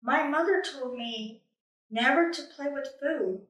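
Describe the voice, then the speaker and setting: A bubbly, kind young panda from a storybook, high and lively in tone and eager to make friends, as a woman puts him on. The voice sounds bright and echoes in a room, a little away from the mic. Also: measured pace, distant mic. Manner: eager and upbeat.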